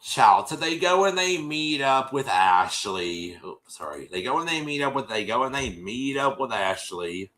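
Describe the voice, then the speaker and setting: A man hosting a show, recapping an episode in casual chat, animated and full of fillers, with a cough. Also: medium pitch, moderate pace, hardly any pauses, echoey room, rough recording. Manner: animated, lots of fillers and repeats, acts out quotes.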